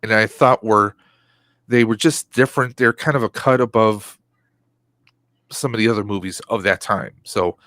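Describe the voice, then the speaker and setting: Joking podcast co-host, dry close sound. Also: male voice, on the low side, moderate pace, pauses often, fairly bright tone, no echo. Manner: joking, rambling, with many fillers. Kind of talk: casual podcast chat.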